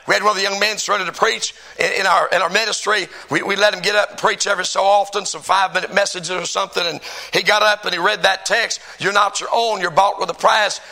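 A man's voice: high voice, fairly even intonation, fast talker, creaky, hardly any pauses, sharp tone, low-quality recording. A man preaching a sermon as pastor, stressing and repeating key phrases.

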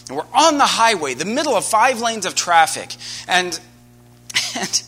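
A man's voice: sits high, unhurried. An American man preaching a sermon, telling a personal story with earnest, rising energy. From United States. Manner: earnest storytelling, grows animated and loud.

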